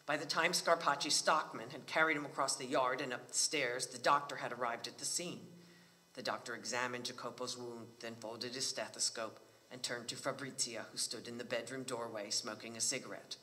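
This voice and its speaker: A man reading a novel aloud at a library book talk, with a measured storytelling cadence. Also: medium pitch, fairly even intonation, sharp tone, big-room sound.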